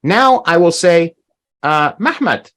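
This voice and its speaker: A man teaching an online language class, modeling words slowly and emphatically and repeating phrases for learners. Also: a little high, animated, a bit bright.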